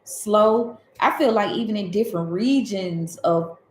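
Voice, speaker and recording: A woman's voice: medium pitch, measured pace, reverberant, poor audio. A woman from Alabama with a Southern accent, giving a rambling, conversational spiritual talk as a tarot host.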